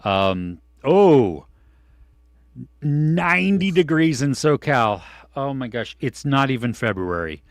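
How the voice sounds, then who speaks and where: A man co-hosting a casual live stream, reading viewers' comments and swinging from excited outbursts to low mutters. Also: slow, no room sound, studio quality. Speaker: podcast co-host reading live chat. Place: home studio.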